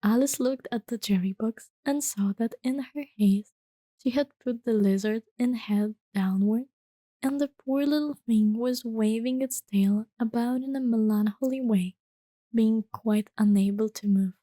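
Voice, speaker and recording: A woman reading a bedtime story in a gentle, hushed soft-spoken ASMR style that slips into whispers. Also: a little high, measured pace, no echo.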